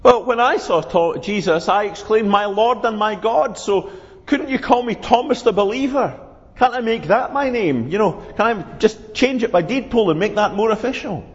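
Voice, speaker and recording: A man putting on an aggrieved apostle, raised and lively in pitch, pleading his case in quick indignant protests. The sound is dull and carries a long hall echo. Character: aggrieved, self-justifying apostle Thomas, adult man.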